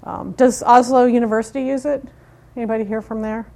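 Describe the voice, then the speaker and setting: A woman's voice: on the high side, fairly even intonation, fairly quick, vocal fry, darkish tone. A woman in her fifties, from the United States, giving a live technical talk with a chatty, informal manner, wry asides and questions to the audience. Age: 50s. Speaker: conference speaker.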